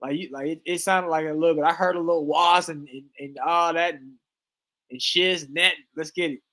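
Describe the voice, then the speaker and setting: A man giving joking, animated reaction commentary as a stream host, laughing often. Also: a little high, a little fast.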